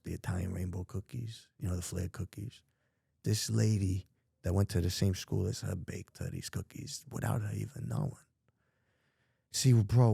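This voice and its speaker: A man's voice: deep voice, gravelly, dark tone, husky, no room sound, studio quality. A middle-aged man, a podcast guest telling his life story in blunt, profane street talk. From New York. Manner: profane, street-talking, emphatic. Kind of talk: candid storytelling.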